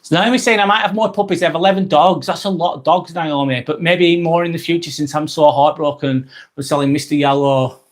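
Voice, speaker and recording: A man's voice: a little high, fairly quick. An English man hosting a live vlog, reading out chat comments in a casual, rambling way with repeats and fillers. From England. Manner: rambling, repeats himself, frequent ums.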